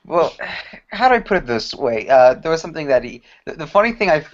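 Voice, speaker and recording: A man's voice: fairly high pitch, sing-song, a little fast. A man chatting casually on a group video call, hesitant and restarting his sentences. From Boston. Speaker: panelist in an online group hangout. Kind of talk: casual crude banter. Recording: lo-fi online call audio.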